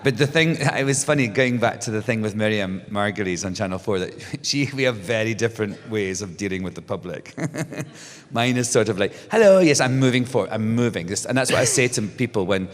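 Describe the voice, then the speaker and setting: A middle-aged man talks loosely and animatedly on stage, starting over and laughing as he goes. His voice sits a little low. The sound carries a long hall reverb. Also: brisk. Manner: animated storyteller, restarts, laughs often. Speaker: guest author. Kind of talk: casual onstage conversation. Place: stage before a live audience.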